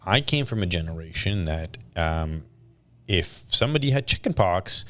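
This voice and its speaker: This low-voiced man talks at a moderate pace. In his thirties and from Canada, he's a podcast guest who chats casually, tells lively stories, and performs the quoted lines.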